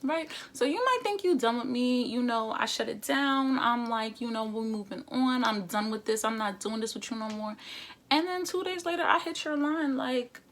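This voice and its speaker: A woman's voice: on the high side, a little fast, fairly bright tone, a little hiss or hum. A young woman talking candidly to camera, sassy and blunt, with casual slang and frequent asides to the viewer. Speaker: vlogger. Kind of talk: candid confessional talk to camera.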